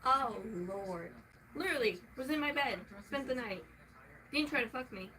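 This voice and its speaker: Young woman venting on her vlog, cusses a lot, kinda high voice, bit of background noise. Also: moderate pace, low-quality recording. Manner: expressive, profane, swings from soft to shouting. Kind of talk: casual vlog rant.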